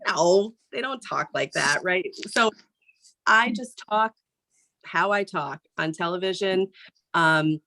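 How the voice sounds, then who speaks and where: A woman's voice: lowish voice, takes it slowly, gravelly, bright, forceful tone. A woman who anchors morning TV news, giving a casual motivational talk to a group in a plain, conversational way and often checking in with "right?".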